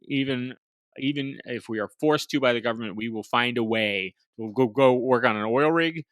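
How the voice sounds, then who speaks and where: Middle-aged male podcast co-host, mid-pitched and bright, rambling jokester. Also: normal speed, no room sound. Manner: jokey, rambling, laughs at his own jokes. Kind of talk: casual chat.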